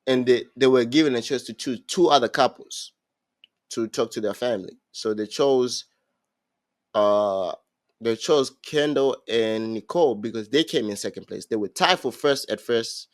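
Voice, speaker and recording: A young man hosting a podcast, casually recapping a reality show and acting out what people said, with many halting restarts. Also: mid-range voice, no room sound. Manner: animated storyteller, acts out quotes, halting restarts. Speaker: podcast host.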